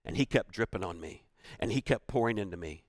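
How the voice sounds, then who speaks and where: A man's voice: on the low side, lively intonation, brisk, no room sound, studio quality. A man giving a motivational keynote. He tells a personal story with emphasis and repeats key phrases for weight. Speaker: motivational speaker.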